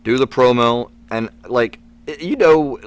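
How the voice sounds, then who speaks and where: A man telling a rambling, lively story. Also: mid-range voice, unhurried. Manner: lively, rambling anecdote with many fillers and restarts. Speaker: wrestler guest. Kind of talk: storytelling in a podcast interview.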